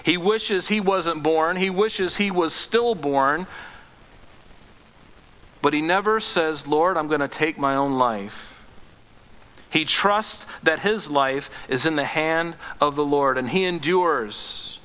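A man preaching a sermon as pastor, earnest, swinging from impassioned pleading to low, gentle tones. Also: slow, in a large hall.

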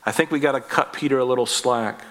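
A man's voice: quick pace, fairly bright tone. Folksy, conversational male preacher. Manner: folksy, jokey, rising in pitch and force on emphatic points. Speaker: pastor. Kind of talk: conversational sermon.

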